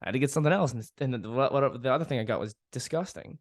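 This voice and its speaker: A young man talks straight into a dry, close mic, venting about his frustrations. His voice sits at an ordinary pitch, and he swears freely while laughing at himself now and then. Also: racing, dry recording. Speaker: podcast host. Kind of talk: casual solo podcast monologue.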